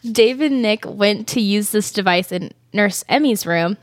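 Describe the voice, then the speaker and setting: A woman's voice: mid-range voice, animated, measured pace, dry recording, studio quality. A young adult woman hosting a podcast, recapping a ghost-hunting show in casual chat, rambling with lots of fillers and frequent giggles. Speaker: podcast host.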